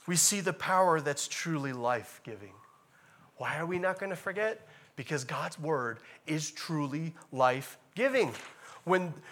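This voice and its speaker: A man preaching a sermon in a casual, animated way, repeating key phrases and rising to loud emphatic bursts. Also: fairly high pitch. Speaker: pastor.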